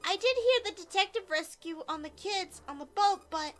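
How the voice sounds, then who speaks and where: A woman voicing a feisty, sharp-tongued young woman who snaps back defensively while reading a visual novel aloud. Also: extremely high pitch, expressive, normal speed, faint music behind, voice pushed up. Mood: indignant.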